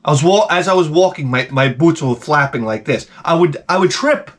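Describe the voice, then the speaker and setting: Forties male YouTuber, comic rant, fairly high pitch, very lively swings. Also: moderate pace. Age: 40s. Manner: ranting, animated, exaggerated outbursts. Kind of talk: comedic monologue.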